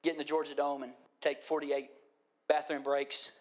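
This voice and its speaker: A man preaching a sermon, moving from quiet storytelling to impassioned pleading. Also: on the high side, little pitch movement, normal speed. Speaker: pastor.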